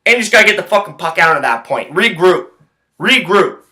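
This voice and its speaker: A man's voice: high-pitched, lively intonation, a little fast, pushed and bright, rough recording. Heated, foul-mouthed man ranting on sports. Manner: heated, swears constantly, rambling. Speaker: sports handicapping vlogger. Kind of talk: profane ranting commentary.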